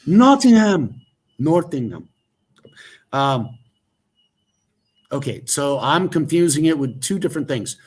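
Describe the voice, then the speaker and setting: A man's voice: medium pitch, measured pace, long pauses, slightly rough. A man talking as a guest in a casual livestream chat, joking and drifting into asides. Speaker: interview guest.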